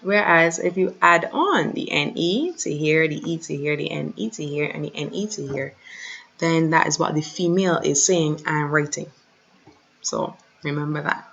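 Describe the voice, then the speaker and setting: A woman teacher, patiently running an online French lesson and repeating words slowly, recorded on a computer mic. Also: low-pitched, vocal fry, muffled recording. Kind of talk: online lesson over shared slides.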